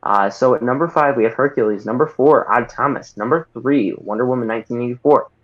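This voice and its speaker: A man's voice: medium pitch, brisk. A man co-hosting a podcast over a call, with laid-back, dry teasing. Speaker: podcast co-host. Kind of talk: casual chat over a call. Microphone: remote call mic. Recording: dull lo-fi call audio.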